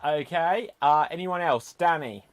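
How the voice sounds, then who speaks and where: A man hosting an online improv game, animated, laughing often and calling on players. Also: on the high side, measured pace, slight background noise. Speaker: improv host.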